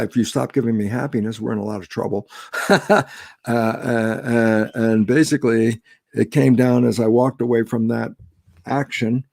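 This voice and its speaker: A man's voice: medium pitch, vocal fry, no room sound, studio quality. An older man, a guest scientist, telling stories with lots of expression and acting out the voices he quotes. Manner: expressive, acts out quoted voices, laughs easily. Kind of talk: animated storytelling in a conversation.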